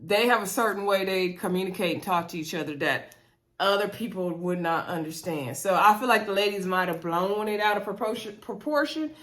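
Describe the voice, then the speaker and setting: A woman's voice: medium pitch, fairly quick, fairly bright tone. A woman casually recapping and reviewing a reality show episode, chatting to her viewers and laughing often.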